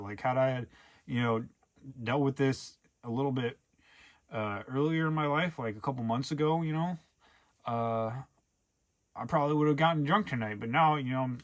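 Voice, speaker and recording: Rambling man in a personal vlog. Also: medium pitch. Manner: rambling, filler-heavy, earnest. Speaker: vlogger. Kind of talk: casual personal vlog monologue.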